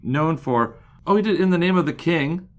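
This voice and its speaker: A man's voice: a little high, animated, moderate pace. A man co-hosting a pop culture podcast, riffing with dry, goofy jokes in casual chat. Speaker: podcast co-host.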